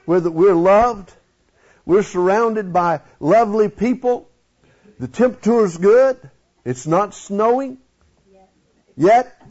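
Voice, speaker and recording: A man preaching a folksy, animated sermon in church, questioning his congregation. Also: high voice, slow pace, long pauses, slightly rough. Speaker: pastor. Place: church sanctuary. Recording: dull lo-fi sound.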